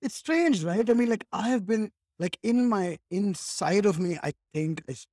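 A man's voice: sits high, expressive, moderate pace, darkish tone, no echo, clean studio sound. A man from India in casual conversation, thinking aloud and leaning on "like" and "right?" a lot.

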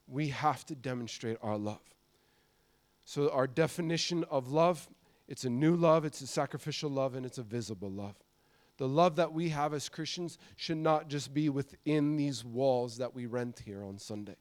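A middle-aged American man preaching a sermon, swinging from loud emphasis to soft, confiding passages. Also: mid-range voice, moderate pace. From United States.

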